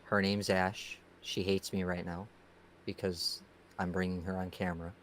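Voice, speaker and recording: A man's voice: low voice, little pitch movement, moderate pace, a little hiss or hum. A man, a podcast guest, chatting casually, laughing often and repeating words as he goes. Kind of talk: casual chat.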